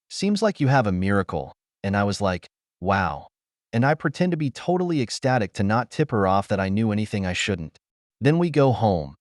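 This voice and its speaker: A man narrating a first-person story in an animated storytelling manner. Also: lowish voice, no room sound, clean studio sound.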